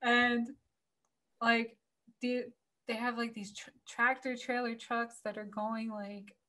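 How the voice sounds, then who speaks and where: A woman from Florida telling a story in casual podcast chat, animated, filling her talk with "like" and cursing freely. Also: fairly high pitch, measured pace. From Florida, USA. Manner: animated, heavy use of "like", swears freely. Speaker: podcast guest.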